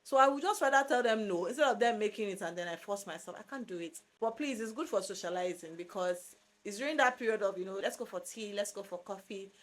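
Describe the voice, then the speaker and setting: A young adult woman from Nigeria with a Nigerian accent, giving animated, emphatic advice in a casual vlog monologue. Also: medium pitch, fast, hardly any pauses. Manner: animated, emphatic, repeats words for stress. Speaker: vlogger.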